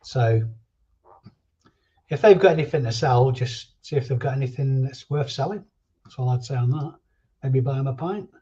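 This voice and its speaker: Over dull lo-fi stream audio, a man with a dark, medium-pitched voice chats at a moderate pace, pausing often. He's hosting a casual live stream, reading and answering viewer comments as his thoughts drift around.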